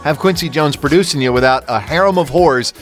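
A man's voice: a little high, fairly quick, faint music behind. A man co-hosting a podcast, swapping crude jokes with frequent stammered restarts and chuckles. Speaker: podcast co-host. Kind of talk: crude comedic banter.

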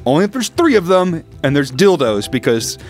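A man's voice: fairly high pitch, big pitch swings, normal speed, soft background music. A man co-hosting a comedy podcast in casual chat, joking and laughing often. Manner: giggly, jokey, laughs often. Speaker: podcast co-host.

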